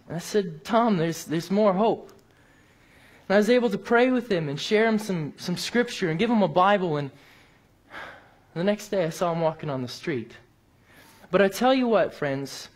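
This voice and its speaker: A man's voice: high voice, lively intonation, moderate pace. Earnest man preaching a sermon. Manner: storytelling, rises to emphatic peaks then drops quiet. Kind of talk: sermon with personal story.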